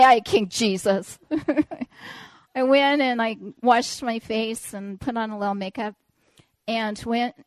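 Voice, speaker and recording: Slow, storytelling woman preacher. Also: a little high, no room sound. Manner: storytelling, animated and self-deprecating. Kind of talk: sermon with personal story.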